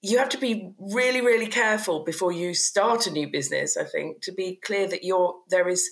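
A woman's voice: fairly low pitch, moderate pace, rough recording. A woman hosting a podcast interview, thoughtfully summarising points and asking questions. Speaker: podcast host.

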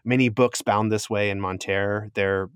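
A man's voice: fairly low pitch, fairly even intonation, measured pace, clear, resonant tone, no room sound, studio quality. A man running a tabletop game as game master, narrating scenes in a descriptive, easygoing way and laughing often.

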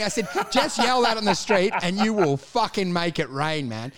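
A man chatting casually and crudely, joking and acting out quick voices. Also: high-pitched, animated, crowd noise. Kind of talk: casual comedic chat.

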